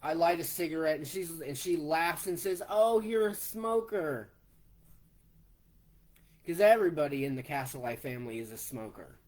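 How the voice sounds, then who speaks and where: A man in his forties, slowly telling a personal story in a plain way, step by step. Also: on the high side, darkish tone. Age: 40s. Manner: slow, plainspoken, retelling step by step. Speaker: vlogger.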